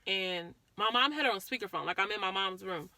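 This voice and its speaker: A woman speaks straight into the camera in a bright, clear voice and relives a hard family moment in an earnest, repetitive way. The sound is close and dry. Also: mid-range voice, a little fast, no room sound. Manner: earnest, repeats herself, acts out quotes. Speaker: vlogger. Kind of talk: emotional personal storytelling.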